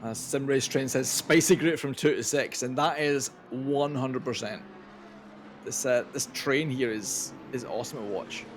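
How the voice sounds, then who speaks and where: A man co-commenting a sim race, dry and measured. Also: mid-range voice, a little hiss or hum.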